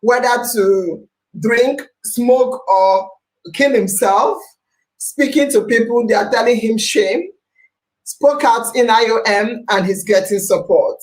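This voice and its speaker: A woman hosting a podcast, speaking with passion, repeating her points and rising to near-shouts. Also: fairly high pitch, takes it slowly, rough recording. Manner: emphatic, preachy, repeats phrases, rises to near-shouts. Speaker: podcast host. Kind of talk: impassioned podcast monologue.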